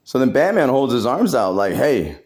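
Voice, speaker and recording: A man narrates a comedy voiceover in a casual, laughing style, his pitch leaping all over the place. His talk is loose and full of slang and swearing. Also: very animated, fairly quick, a little mellow.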